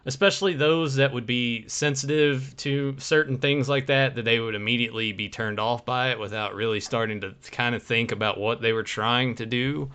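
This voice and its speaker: A man co-hosting a podcast, speaking in casual, halting sentences and asking questions. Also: mid-range voice, fairly even intonation, fairly bright tone, clear, resonant tone. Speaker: podcast co-host. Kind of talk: casual chat.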